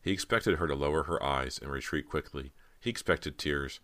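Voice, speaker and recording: A man narrating an audiobook in a steady storytelling manner. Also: extremely low pitch, moderate pace, no echo.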